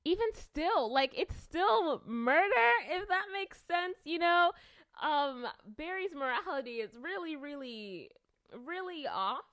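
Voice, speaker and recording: A woman's voice: sits high, animated, slow pace, fairly bright tone, no room sound. A young woman rambling casually through her thoughts, with lots of fillers and restarts. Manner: chatty, filler-heavy, self-conscious, restarts often. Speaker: video creator.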